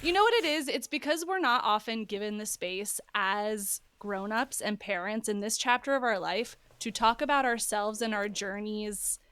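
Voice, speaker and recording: A woman's voice: medium pitch, moderate pace, few pauses, a bit bright, clean tone, no echo. Affirming woman podcast host, dry sound. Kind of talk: casual interview conversation.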